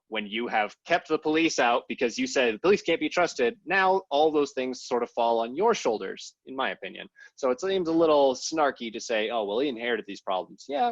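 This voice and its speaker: A podcast co-host talks politics in a casual, rambling way, hedging constantly and using lots of fillers. His medium-pitched voice is a bit bright with no echo, though the recording has a dull lo-fi quality.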